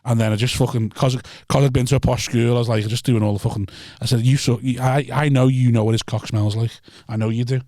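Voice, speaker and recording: A man's voice: mid-range voice, fairly even intonation, fast talker, hardly any pauses, a little mellow, no room sound. Guy rambling through a sweary gig story, dry close sound. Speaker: stand-up comedian. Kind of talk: casual podcast chat.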